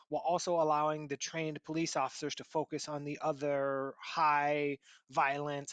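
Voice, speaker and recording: Male co-host, a touch higher voice, measured and explanatory, dry close recording. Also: fairly bright tone, no room sound. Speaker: podcast co-host. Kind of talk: reading and discussing news stories.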